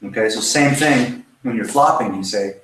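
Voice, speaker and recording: A man's voice: medium pitch, moderate pace, a bit bright. A man coaching a self-help workshop, talking loosely and swearing freely as he demonstrates exercises to camera. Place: indoor room. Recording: roomy echo, faint noise.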